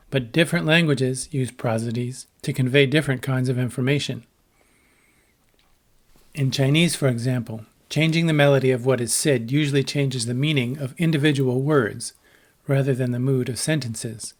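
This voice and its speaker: A man giving a scripted educational narration about language, speaking in a measured, explanatory way and voicing short example sentences. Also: mid-range voice, fairly even intonation. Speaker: lecturer on translation.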